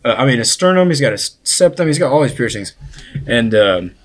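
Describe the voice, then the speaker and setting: A man's voice: mid-range voice, sing-song, fairly quick. Rambling young man telling a story. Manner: rambling storyteller, many fillers and restarts. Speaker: podcast host. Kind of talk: casual chat.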